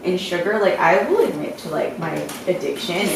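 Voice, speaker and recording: A woman's voice: fairly low pitch, normal speed, vocal fry. A woman in a casual group chat, asking questions hesitantly and filling her speech with "like". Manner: hesitant, lots of "like". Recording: very echoey room, distant mic, noise.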